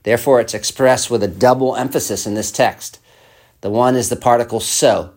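A man's voice: mid-range voice, a little fast. A man preaching a sermon, reading an old text aloud and then explaining it in plain words, with hesitant restarts.

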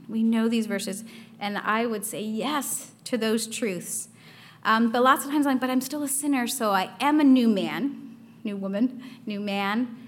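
Earnest woman giving a devotional talk. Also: fairly high pitch. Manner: earnest, reads quotes aloud, frequent fillers. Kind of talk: casual devotional teaching.

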